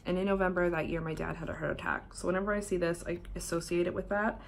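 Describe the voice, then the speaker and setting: A woman's voice: fairly low pitch, fairly even intonation, fast talker, gravelly, slight background noise. Chatty Canadian woman unboxing tarot. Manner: chatty, swears casually, drifts into soft asides. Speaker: tarot vlogger. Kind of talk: casual unboxing chat. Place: hotel room while travelling.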